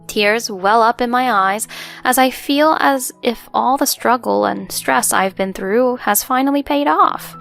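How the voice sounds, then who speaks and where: A woman's voice: a little high, unhurried, creaky, a bit bright. A woman narrating a first-person story in an earnest, emotional way, with faint music behind.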